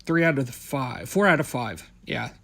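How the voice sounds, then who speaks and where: A man's voice: medium pitch, lively intonation, normal speed, vocal fry, a bit bright. Blunt, profane male podcast host. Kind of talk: casual wrestling recap.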